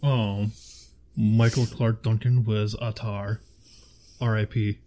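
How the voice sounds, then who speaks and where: A man's voice: lowish voice, flat delivery, slow pace, dark tone, a little hiss or hum. A man in casual chat, rating films with a friend, laughing often and searching aloud for names.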